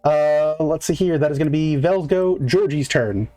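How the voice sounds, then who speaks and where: A man's voice: on the high side, normal speed, mellow, soft background music. A man narrating as game master in a casual, filler-heavy way, counting moves aloud.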